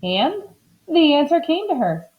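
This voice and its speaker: A woman reads a children's storybook aloud at an unhurried pace. Her pitch is bright and high and moves up and down with every turn of the story. The recording sounds slightly dull and lo-fi. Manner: expressive and animated. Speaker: storybook reader. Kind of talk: children's book read-aloud.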